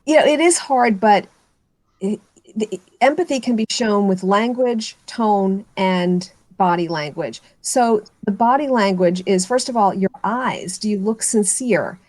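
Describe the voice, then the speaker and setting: A woman speaking as a speech-coach guest on a video call, confident and clear, and animated when she tells a story. Her pitch is middle of the range. The sound is dry and close. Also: unhurried, no echo. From United States. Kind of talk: casual video interview.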